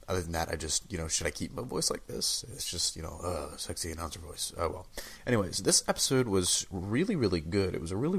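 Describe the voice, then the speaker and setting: A man's voice: low voice, fairly bright tone, slightly rough. A young man with a sick, under-the-weather voice, casually reviewing a TV episode with lots of fillers and restarts. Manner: rambling, many fillers and restarts. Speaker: TV show reviewer.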